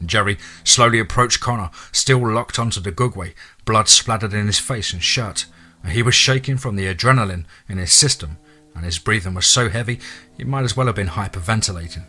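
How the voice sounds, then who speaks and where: A man narrating a horror story in a dramatic, steady audiobook reading. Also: on the low side, brisk, breathy edge, faint music behind.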